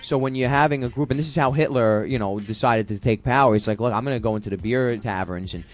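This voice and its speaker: A man's voice: medium pitch, quick pace. A man guesting on a radio talk show, chatting casually and joking, slipping into impressions. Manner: wisecracking, breaks into voices.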